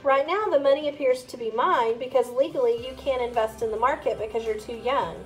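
Patient money adviser, apologetic, careful, explaining, voiced by a woman, slightly high. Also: fairly quick, soft background music, lightly acted. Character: adult man, careful apologetic investor.

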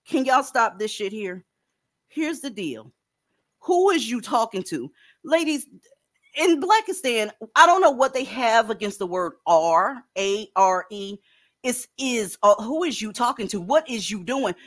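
A woman's voice: fairly high pitch, animated, unhurried, fairly bright tone. Blunt, profane woman host. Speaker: panel host. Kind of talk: casual commentary chat.

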